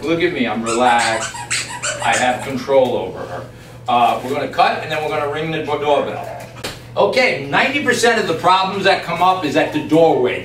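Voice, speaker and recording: A man training a dog on camera, explaining each step calmly and emphatically and breaking off to speak to the dog. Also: on the high side. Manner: calm, emphatic, talks to the dog in between. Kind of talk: on-the-spot training demonstration. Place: yard and doorway of a house. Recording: distant, echoey camera audio with background noise.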